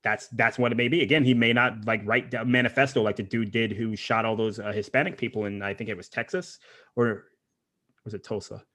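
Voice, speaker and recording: Fast-talking emphatic man. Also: fairly low pitch, flat delivery, a bit bright. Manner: fast, emphatic, talks in run-on strings of points. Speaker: podcast guest. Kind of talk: casual interview conversation.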